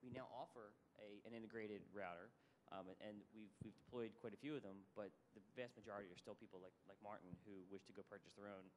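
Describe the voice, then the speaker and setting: A man speaking on a conference panel as a service provider, talking quickly and often repeating words as he restarts. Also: fairly low pitch, steady tone, slight background noise.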